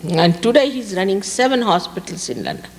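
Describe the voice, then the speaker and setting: A woman's voice: mid-range voice, big pitch swings, a little fast, a little mellow, long reverb tail, a little hiss or hum. A woman from India, giving a spiritual talk to an audience and stressing her points by repeating key words. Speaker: spiritual teacher. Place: outdoor park gathering.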